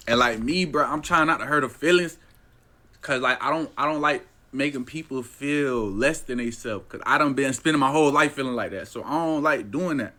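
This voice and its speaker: A man's voice: mid-range voice, normal speed, bright, forceful tone. A young man casually telling a story, with lots of slang, saying "bro" constantly and acting out what people said.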